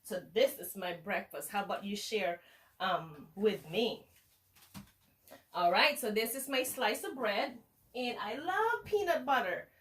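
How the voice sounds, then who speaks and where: A woman's voice: medium pitch, lively intonation, a little slow, fairly bright tone. A woman teaching a children's lesson in a playful, sing-song way, slicing and eating food as she talks.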